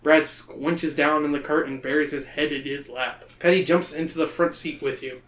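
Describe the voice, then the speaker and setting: A man's voice: fairly high pitch, fairly even intonation, moderate pace, a bit bright. A man hosting a podcast, reading a children's book aloud in a playful, joking way. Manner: playful, breaking into laughter. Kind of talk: comedic read-aloud of a kids' book. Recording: roomy echo.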